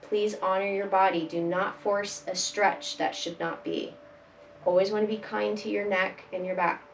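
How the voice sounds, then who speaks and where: Calm woman guiding chair yoga. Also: medium pitch, moderate pace, creaky, slight background noise. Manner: calm, gentle step-by-step cueing. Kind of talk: guided exercise instruction. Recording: voice from a distance, faint background music.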